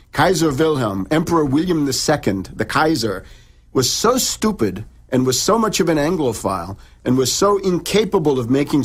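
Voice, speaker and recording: A man's voice: a little high, breathy edge. A middle-aged man, an in-studio guest, lecturing on history in a radio interview, restarting and repeating words as he goes. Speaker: in-studio guest author and researcher.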